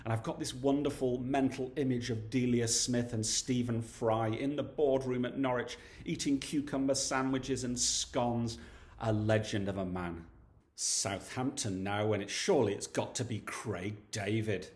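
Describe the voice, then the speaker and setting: A man delivering a scripted comedy monologue with deadpan, laddish banter. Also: mid-range voice, measured pace. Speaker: comedy YouTuber.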